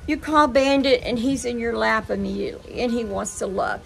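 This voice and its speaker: A woman's voice: on the high side, brisk, creaky, a little hiss or hum, low-quality recording. An older woman chatting casually to her viewers, telling rambling stories full of fillers. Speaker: vlogger.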